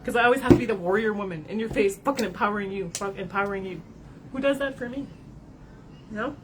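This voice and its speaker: A mid-range female voice speaks at a quick pace over background noise. She's a card reader and spiritual advisor giving an emotional livestream reading to her followers, talking openly, cursing, frequently adding "right?", and at times on the verge of tears.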